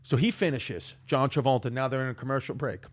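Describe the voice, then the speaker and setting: A man from Queens, a comedian guest telling a story in an animated, self-mocking way. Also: mid-range voice, fast talker. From New York, Queens. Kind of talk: storytelling on a talk show.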